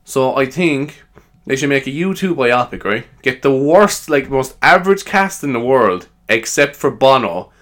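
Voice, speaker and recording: A man's voice: medium pitch, animated, measured pace, a bit bright. A man rambling in a casual solo chat, self-amused and full of fillers. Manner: chatty, self-amused, lots of fillers and laughs. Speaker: podcaster.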